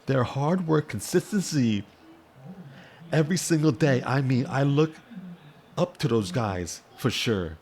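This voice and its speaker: A man talking through a casual sports vlog at a middle pitch, rambling and often repeating himself. He swings into excited bursts. A faint hiss sits under his voice. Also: measured pace, pauses often. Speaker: sports commentator.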